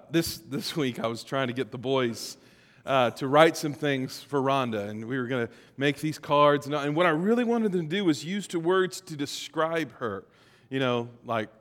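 A middle-aged man preaches to his congregation in an easy, conversational way, slipping jokes and stories into the sermon. His voice sits a little high for a man. It carries a long reverb from a large church auditorium. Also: fairly bright tone. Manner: conversational, joking storyteller. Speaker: pastor.

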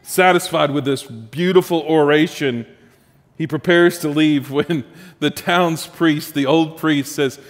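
A man preaching to his congregation with a fairly high voice that rises when he presses a point and falls quiet as he lands it. His voice rings out with the long reverb of a big church hall. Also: measured pace. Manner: storytelling preacher, building emphasis then dropping soft. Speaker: pastor. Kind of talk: sermon.

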